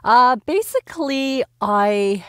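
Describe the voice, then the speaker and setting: Upbeat Canadian voice actress, dry sound. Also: female voice, high-pitched, expressive, slow pace, fairly bright tone, clear, resonant tone, dry recording. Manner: upbeat, laughs easily. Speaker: voice actor guest. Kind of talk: casual interview chat.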